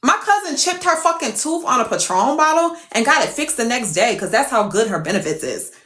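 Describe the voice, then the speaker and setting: Young woman, profane storytime rant, lively pitch, echoey room. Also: fairly quick. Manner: profane, animated, exasperated, laughing. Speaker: TikTok creator.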